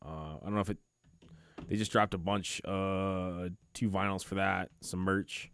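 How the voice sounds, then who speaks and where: Low smooth-voiced male podcast host. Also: level tone, unhurried, fairly bright tone. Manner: laid-back, filler-heavy, swearing. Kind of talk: casual chat.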